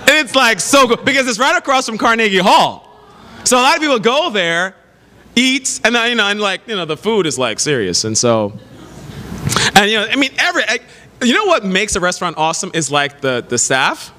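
A man preaching a sermon, telling lively stories with laughs and exclamations. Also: sits high, brisk. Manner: animated storytelling with laughs and exclamations. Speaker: pastor. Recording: long hall reverb, faint noise.

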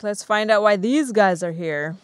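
A woman's voice: medium pitch, moderate pace, heavy background noise. A woman hosting a first-time movie reaction, gasping, exclaiming and talking back at the screen.

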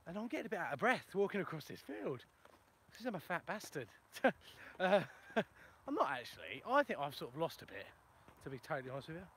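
High, bright-voiced man. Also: very animated, a little fast, a little hiss or hum. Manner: chatty, self-mocking, answers viewer questions. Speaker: plumber and video host. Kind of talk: casual live-stream chat while walking. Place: outdoors in a ploughed field in the countryside. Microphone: phone for a live video.

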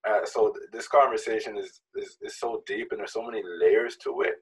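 A man's voice: fairly low pitch, steady tone, fairly quick, slightly rough, poor audio. A man speaking thoughtfully in a panel discussion, hesitant and searching for words. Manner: hesitant, many fillers and restarts.

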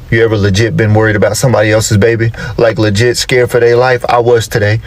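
A man telling comic stories about his kids in an animated, exclaiming way. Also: fairly low pitch, fast talker, dry recording. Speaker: comedic storyteller. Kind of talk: comedic storytelling.

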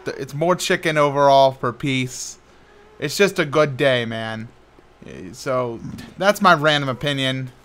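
A young man doing casual, rambling gameplay commentary as a gaming YouTuber, frustrated and sometimes yelling at the game. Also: on the high side.

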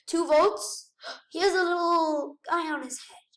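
A high-pitched woman narrates her gameplay with excited gasps and exclamations. Her voice rings in an echoey room, picked up from a mic set some distance away. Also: a little slow. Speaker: gamer. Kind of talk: gameplay commentary.

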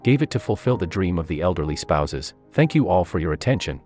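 A man reading a translated story aloud as a narrator, in an even, measured way. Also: low voice, soft background music.

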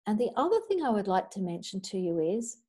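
Very animated and a little fast, a middle-aged woman with a warm, mellow mid-range voice teaches a healing class. Her earnest, chatty talk mixes personal stories with long clearing statements she rattles off quickly from time to time.

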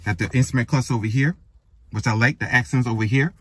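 A man's voice: medium pitch, fairly even intonation, quick pace, a bit bright, a little hiss or hum. Man listing truck features in short phrases. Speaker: car reviewer. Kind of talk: casual car walkaround commentary. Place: car dealership lot and inside a truck.

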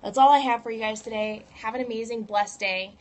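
A woman talks straight to her viewers in a casual motivational vlog, earnest and conversational. Her voice sits a little high. When she tells a story she acts out the voices. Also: fairly even intonation, a little fast, slight background noise. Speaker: fitness coach and vlogger. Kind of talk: casual motivational talk to camera.

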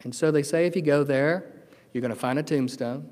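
A middle-aged man preaching a sermon as pastor, earnest and emotional, swinging from loud declarations to hushed, tender moments. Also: a little high, a little fast. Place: church sanctuary. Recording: long hall reverb.

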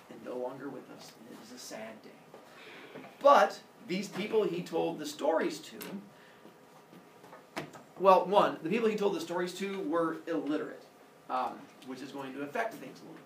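A man teaching a class, telling a fable in an animated, playful way. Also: a little high, unhurried, pauses often, a little hiss or hum. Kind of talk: classroom storytelling. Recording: echoey classroom, distant mic.

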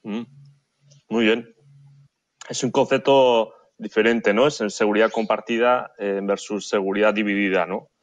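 A man who is a native Spanish speaker, moderating a panel in halting English with filler sounds. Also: on the low side, fairly even intonation, no room sound, muffled recording. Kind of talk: panel discussion.

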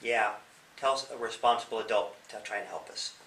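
A man's voice: on the low side, a little fast, creaky, a bit bright, a little hiss or hum. A man who is a police officer, giving young people advice in an interview. He explains with questions and acts out examples. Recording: echoey room, mic at a distance.

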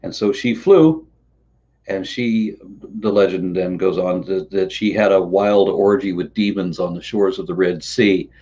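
A man hosts a relaxed conversation in a rather low voice, drifting through long stories and stumbling over repeated words. The recording sounds a bit muffled and lo-fi. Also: a little slow. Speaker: host. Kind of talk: casual conversational interview.

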